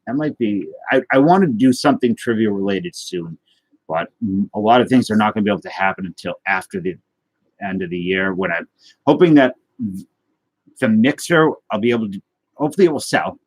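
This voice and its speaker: A man's voice: lowish voice, animated, brisk, husky, no room sound. A man hosting a livestream, chatting casually and rambling as he answers viewer comments with self-deprecating jokes. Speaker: livestream host of a trading card and guitar show.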